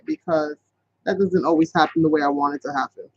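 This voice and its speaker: A man's voice: a little high, steady tone, a little fast, no echo. A man hosting a casual live craft tutorial, chatting and rambling as he works and talking straight to his viewers. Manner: chatty, rambling, talks to viewers as "you guys". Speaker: craft channel host. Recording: dull, lo-fi, dry sound.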